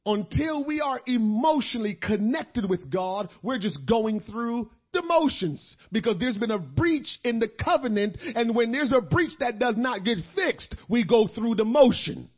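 Pastor, male, very high voice. Fervent sermon delivery that rises to shouting. Muffled, lo-fi audio. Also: lively intonation, measured pace, hardly any pauses, slightly rough. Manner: impassioned preaching, swelling to shouts.

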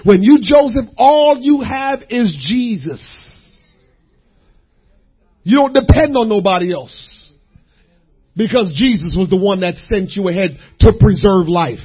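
A man preaching a sermon, dropping to a hush and then rising to shouts, repeating phrases for weight. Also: high-pitched, animated, unhurried, slightly rough, lo-fi sound. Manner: swings between hushed and shouting, repeats phrases.

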